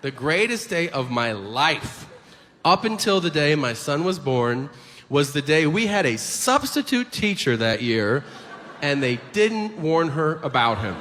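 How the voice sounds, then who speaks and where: A man performing a crude, animated stand-up routine on stage, acting out the people in his stories. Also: on the high side, a little slow. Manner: animated, crude storytelling with acted-out quotes. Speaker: stand-up comedian. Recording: reverberant hall with ambient noise.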